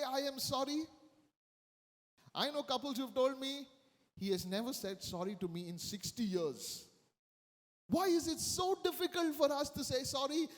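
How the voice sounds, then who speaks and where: A man's voice: very high-pitched, fairly bright tone, in a large hall. A man preaching a sermon as a priest, emphatic and repeating his key phrases.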